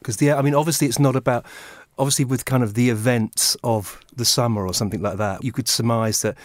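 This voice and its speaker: A man in his forties, a musician guest, talking fast and rambling in a relaxed interview. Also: medium pitch, dry recording, clean studio sound. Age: 40s. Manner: quick, rambling, self-deprecating. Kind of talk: casual interview chat.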